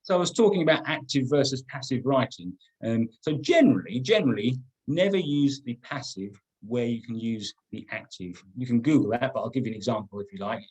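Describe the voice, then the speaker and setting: Middle-aged man, slightly husky webinar trainer, emphatic, repeats himself. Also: mid-range voice, a little mellow, poor audio. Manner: emphatic, repeats words and restarts often. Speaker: business trainer. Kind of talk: webinar teaching.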